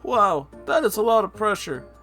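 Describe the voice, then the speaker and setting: A man voicing a meek, sad young fox boy in a high, timid voice from a comedic storybook reading. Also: expressive, normal speed, bright, forceful tone, soft background music.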